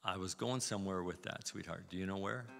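Gravelly older man preaching in a hall. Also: deep voice, fairly quick, over music. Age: 70s. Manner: chatty, folksy storytelling. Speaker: guest preacher. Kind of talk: anecdotal sermon. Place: church sanctuary.

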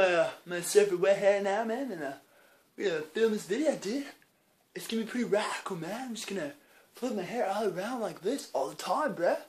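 A man's voice: very high-pitched, mellow, slight background noise, voice pushed up, full character voice. A young man putting on the voice of a laid-back surfer bro, drawling and tagging every phrase with bro or dude.

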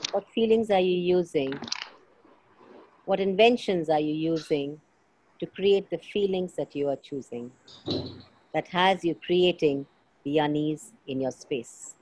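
Low-voiced middle-aged woman coach. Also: measured pace, pauses often, low-quality recording. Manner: probing questions, gently teasing. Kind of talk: coaching conversation.

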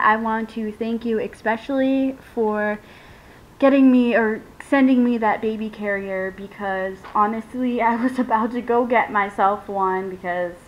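This is a casual unboxing of a reborn doll by a young woman vlogger who frequently squeals, laughs and gushes as she addresses her audience. The recording sounds like a murky lo-fi home video with a slight rumble.

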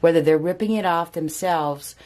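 A woman's voice: fairly low pitch, moderate pace, darkish tone. A woman giving a casual spoken tarot reading, chatty and repeating phrases for emphasis. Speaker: tarot reader.

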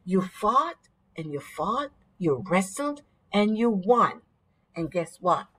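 A woman's voice: mid-range voice, sing-song, takes it slowly, a bit bright, slightly rough, exaggerated voice. A woman voicing a mysterious male stranger who solemnly gives a blessing in a children's Bible story.

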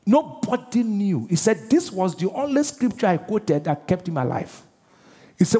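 A man with a Nigerian accent preaching a sermon as pastor, animated and using call-and-response with his congregation. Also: high voice, normal speed. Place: large church auditorium. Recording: husky voice in a reverberant church hall.

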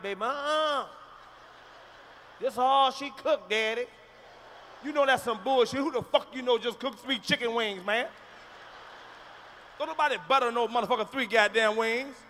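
Loud, profane stand-up comedian with bright tone. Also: male voice, sits high, a little hiss or hum. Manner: profane, loud, animated storytelling with acted-out moans and shouts. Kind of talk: live stand-up routine. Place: large live venue on stage.

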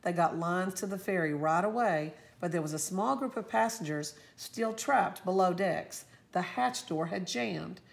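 Gravelly-voiced woman reading a story. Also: fairly low pitch, measured pace, few pauses. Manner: expressive, lively storytelling. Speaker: teacher reading aloud. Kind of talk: storybook read-aloud.

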